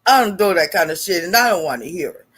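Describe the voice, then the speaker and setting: A woman's voice: fairly low pitch, lively intonation, quick pace, a bit bright, breathy edge. An older woman hosting a live stream, chatting bluntly with viewers, laughing often and swearing freely. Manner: blunt, profane, laughing, greeting viewers by name. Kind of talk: casual live-stream chat.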